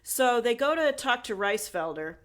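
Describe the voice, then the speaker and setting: A woman's voice: on the high side, moderate pace. A woman co-hosting a podcast, telling a crime story in casual chat and acting out the people in it. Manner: animated, acts out quoted people in put-on voices. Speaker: podcast co-host.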